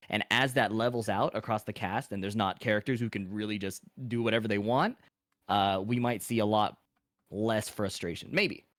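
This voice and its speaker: A man on a panel giving a measured, thoughtful analysis, with frequent filler words. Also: on the low side, a bit bright, no echo, studio quality. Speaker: panel guest.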